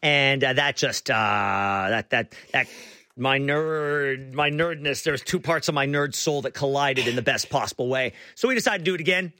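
A man hosting a radio talk show, chatting excitedly with frequent stumbling restarts. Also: medium pitch, normal speed, no echo, clean studio sound. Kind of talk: casual radio chat.

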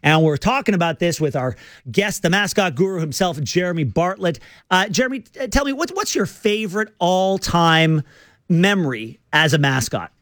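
A man hosting a radio talk show, interviewing his guest in a chatty, halting way with frequent restarts. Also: high voice, lively intonation, fairly bright tone, dry recording, clean studio sound. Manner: chatty, halting, many restarts, quick backchannels.

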